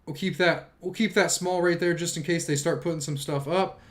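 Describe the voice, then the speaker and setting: Guy streaming, reads chat out loud, lots of ums, kinda worn out, voice a touch high. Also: steady tone, fairly quick. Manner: chatty, filler-heavy, reads viewer comments aloud. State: tired from long stream. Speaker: livestream host reading chat. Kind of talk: casual livestream chat.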